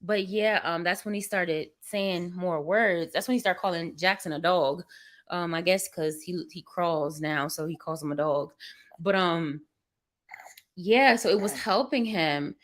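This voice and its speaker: Overwhelmed young mom chatting live. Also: female voice, lowish voice, unhurried. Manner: candid, rambling, emotional venting. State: tired and overwhelmed. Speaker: livestream vlogger. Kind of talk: casual chat to viewers. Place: bedroom at home.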